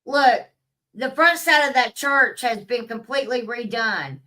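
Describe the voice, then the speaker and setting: A woman's voice: fairly high pitch, unhurried, sharp tone, recorded from a distance, low-quality recording. A woman, talking in a blunt, profane, casual vlog rant and laughing at her own stories. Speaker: vlogger. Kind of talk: casual ranting monologue.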